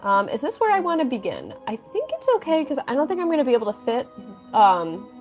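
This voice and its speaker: A woman's voice: high-pitched, huge pitch swings, a little fast, darkish tone. Chatty woman livestreaming, music behind. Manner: chatty, greets viewers by name. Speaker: livestreaming artist. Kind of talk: casual livestream chat.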